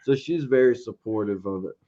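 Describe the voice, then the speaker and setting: In an easygoing interview, a Georgia man who reviews beards spins a long, meandering story, repeatedly voicing his past thoughts aloud. He talks briskly in a mellow, medium-pitched voice, and the audio is a bit dull and lo-fi.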